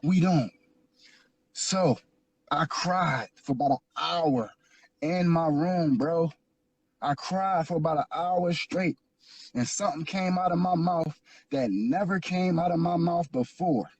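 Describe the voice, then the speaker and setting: A man's voice: a little high, takes it slowly, a little mellow, breathy edge, no echo, highs cut off. A man from Philadelphia telling his life story as an interview guest, earnest and repetitive, building into preaching. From Philadelphia, USA. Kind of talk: emotional personal testimony.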